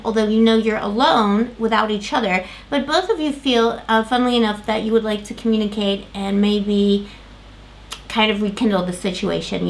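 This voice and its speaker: Rambling woman tarot reader, voice going. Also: a little high. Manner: rambling, full of fillers and restarts. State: losing her voice. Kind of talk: tarot reading to camera.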